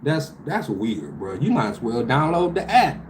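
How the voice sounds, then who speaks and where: A man, animated and profane, telling a story about his delivery job with loud outbursts. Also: mid-range voice, normal speed, slight background noise. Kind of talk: casual storytelling vlog.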